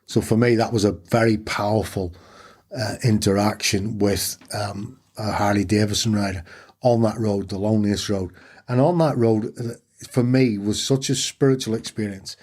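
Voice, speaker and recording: Yorkshire man, guest storyteller; husky, lowish voice, acts out dialogue. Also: fairly even intonation, moderate pace, darkish tone. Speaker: podcast guest. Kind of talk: personal storytelling interview.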